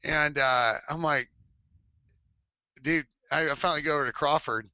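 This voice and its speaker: A man's voice: fairly high pitch, normal speed, clean tone, no echo, lo-fi sound. A man around forty telling a story in casual chat, laughing often and acting out other people's lines in changing voices. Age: 40s. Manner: animated, laughing, acts out quotes in shifting voices. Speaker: former cheerleader telling a story. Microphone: headset mic.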